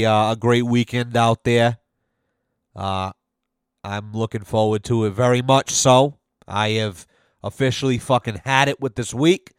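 A man's voice: mid-range voice, smooth, dry recording, studio quality. A man, a podcast host ranting through a casual, profane monologue. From Rhode Island.

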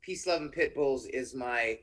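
A man's voice: medium pitch, measured pace, a bit bright, low-quality recording. A man, a comedian guest, chatting in a laid-back, rambling way on a video call. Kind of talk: casual chat over video call.

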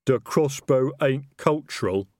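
A man doing a slow rumbling troll. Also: darkish tone, no room sound, clean studio sound, lightly acted. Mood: plodding. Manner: slow, ungrammatical, earnest. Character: slow dim-witted male troll bodyguard. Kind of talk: audiobook character voice.

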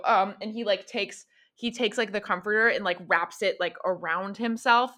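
A woman's voice: mid-range voice, steady tone, normal speed, sharp tone. A woman running a tabletop horror game as game master, narrating in a casual, rambling way with many fillers. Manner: casual, filler-heavy storytelling.

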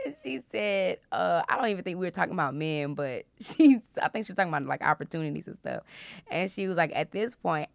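A young woman hosting a faith podcast, teaching from the Bible in a casual, playful way with frequent loud laughter. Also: fairly low pitch, fairly quick, creaky, no echo. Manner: animated, laughs loudly and often, playful preacher tone.

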